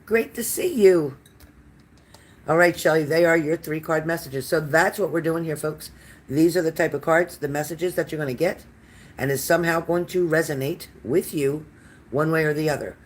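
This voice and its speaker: In a casual live-stream card reading, the host answers viewer comments, chatting loosely with many fillers and restarts. Warm-toned, she addresses people by name and as honey. Her mid-range voice is steady and fairly quick.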